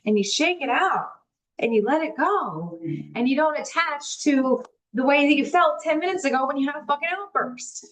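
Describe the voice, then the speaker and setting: High-voiced woman teaching on a livestream. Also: expressive, a bit bright, low-quality recording. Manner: candid, swears freely, acts out inner dialogue; reads aloud from a book slowly. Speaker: spiritual teacher on a live stream. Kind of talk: livestream spiritual talk.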